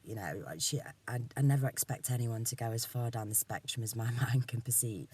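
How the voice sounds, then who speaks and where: A man speaking a casual personal monologue. He rambles, swears often and is candid, drifting between topics and trailing off into quiet asides. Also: medium pitch, brisk, few pauses, slightly rough. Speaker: vlogger.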